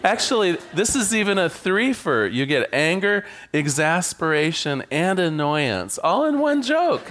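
A minister delivers a sermon in a relaxed, conversational way, slipping in jokes. His voice sits a bit high and swings up and down with lively pitch. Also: unhurried, a little hiss or hum. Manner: conversational, joking.

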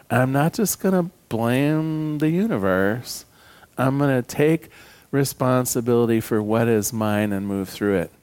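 A man's voice: mid-range voice, darkish tone. A man preaching a sermon as pastor, conversational and humorous, telling jokes to his congregation.

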